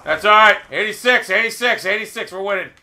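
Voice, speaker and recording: A man ranting angrily while playing a video game, swearing constantly and often shouting. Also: high-pitched, brisk. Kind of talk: angry gameplay commentary.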